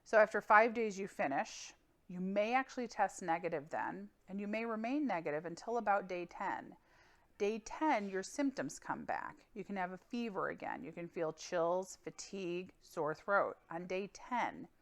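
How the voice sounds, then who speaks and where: A woman physician giving a weekly medical update in a calm, clinical, explanatory way, with occasional fillers. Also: mid-range voice, normal speed.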